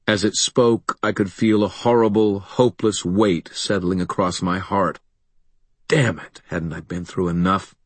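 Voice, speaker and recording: A man narrates a first-person audiobook in a wry, sardonic way. His voice is low and husky, recorded close with a dry, dead sound. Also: fairly even intonation, measured pace, no room sound.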